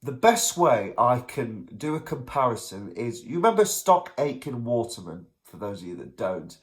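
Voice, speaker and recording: A young man reviews songs in his vlog, ranting in a blunt, exasperated way and climbing into shouts when he gets worked up. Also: medium pitch, sing-song, moderate pace. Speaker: vlogger.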